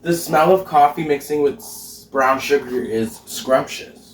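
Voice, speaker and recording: A man's voice: fairly high pitch, unhurried, slight background noise. A man hosting a casual cooking demonstration, talking to himself with sass as he goes, in a home kitchen. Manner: sassy, talks to himself while cooking. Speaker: cooking show host. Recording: roomy echo, far from the mic.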